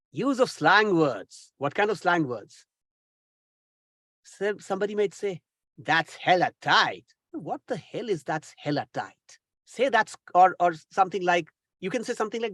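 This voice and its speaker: Animated trainer, dry sound. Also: male voice, sits high, no room sound. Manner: exasperated, mocking, teasing asides. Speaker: English communication trainer. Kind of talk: recorded lecture.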